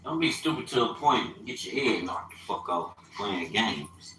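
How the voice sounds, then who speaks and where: Animated streetwise man in his fifties. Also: on the low side, normal speed, echoey room, noisy background. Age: 50s. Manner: animated, streetwise, swearing, loud outbursts. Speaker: livestreamer. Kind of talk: casual storytelling.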